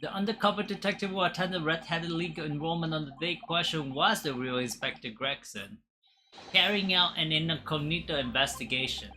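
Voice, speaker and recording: This streamer speaks at a moderate pace in a deep voice against a noisy background. She voices the lines of a courtroom game as she plays, interrupting herself with frequent laughter and jokes in an animated, playful manner.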